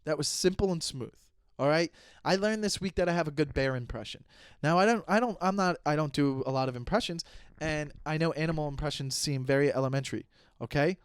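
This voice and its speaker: A man in his thirties talks alone into a close microphone on his comedy podcast, rambling and joking about his own slip-ups. His voice sits a little high for a man and sounds dry and close. He keeps restarting sentences and stays self-aware the whole time. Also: a little fast, clear, resonant tone, no room sound. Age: 30s. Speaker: podcast host. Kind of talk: solo comedy podcast monologue.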